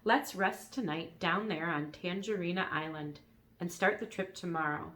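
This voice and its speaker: A woman reading a storybook aloud, voicing a gentle, grateful young male dragon in a raised, polite voice. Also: on the low side, normal speed, a little hiss or hum, lightly acted. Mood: gentle, eager.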